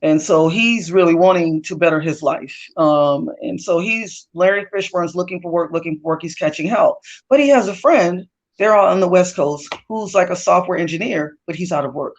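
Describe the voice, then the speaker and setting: Woman author, expressive storyteller in interview, dull lo-fi audio. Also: lowish voice, moderate pace. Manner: expressive, acts out quoted voices, laughs often. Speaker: guest author. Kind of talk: animated storytelling in conversation.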